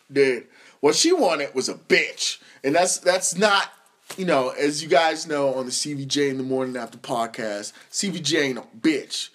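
A young man hosting a podcast, telling comedic stories in a profane, animated way and laughing as he goes. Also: medium pitch, measured pace. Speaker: podcast host. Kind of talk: comedic storytelling monologue.

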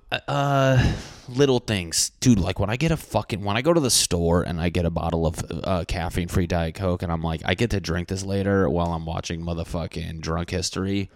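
A man hosting a rambling comedic monologue, excitable, profane and self-mocking. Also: on the low side, no echo.

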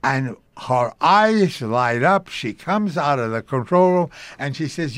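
A man's voice: mid-range voice, lively intonation, unhurried, creaky, few pauses, a bit bright, no echo. An older man telling stories about his early radio career in an interview, acting out the voices of the people he quotes. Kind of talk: storytelling interview.

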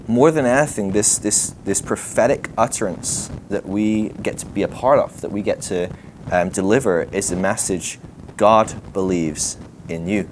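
A man giving a sermon in a loose, conversational way, animated and thinking aloud with fillers and quick laughs. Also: lowish voice, slight background noise. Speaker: preacher. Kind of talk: sermon teaching.

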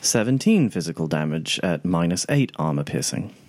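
A man's voice: deep voice, sing-song, normal speed, noisy background. A man playing a tabletop game, stating his moves and numbers in a matter-of-fact way.

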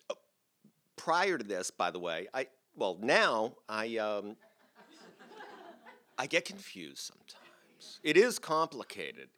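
A man's voice: on the low side, fairly bright tone. A man in his sixties telling a personal story on a theater stage to a live audience, in a chatty, self-deprecating way.

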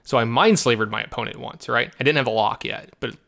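A man's voice: mid-range voice, quick pace, gravelly. A man chatting casually and telling stories, acting out quotes from others. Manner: animated storyteller, acts out quotes. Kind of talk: casual chat about card games.

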